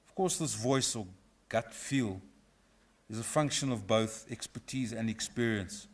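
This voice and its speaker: Man, middle-aged, from South Africa, professor, formal lecture, measured and reflective, medium pitch. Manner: measured, reflective, lightly humorous. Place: university auditorium.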